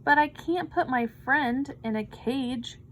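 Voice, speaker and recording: A woman voicing an earnest young boy who pleads for his pet in a storybook reading, his lines pitched high and eager. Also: slow pace, sharp tone, a little hiss or hum, full character voice. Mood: pleading.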